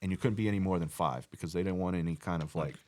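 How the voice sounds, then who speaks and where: A man's voice: low-pitched, racing, a little mellow. A man, a podcast guest, telling rambling stories in casual chat and often restarting his sentences. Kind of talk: casual storytelling.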